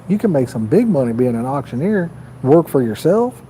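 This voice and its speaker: A man's voice: on the high side, very animated, a little fast, warm tone, slight background noise, rough recording. A man hosting a fishing livestream outdoors by a pond, chatting loosely and rambling to his viewers. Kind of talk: casual live-stream chat.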